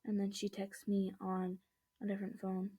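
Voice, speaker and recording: A woman's voice: medium pitch, completely flat delivery, normal speed, mellow, breathy edge. A woman telling a storytime vlog at home into a laptop webcam mic, still shaken, rambling through it with lots of "I was like" and nervous restarts. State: shaken and uneasy. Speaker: vlogger. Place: indoors at home.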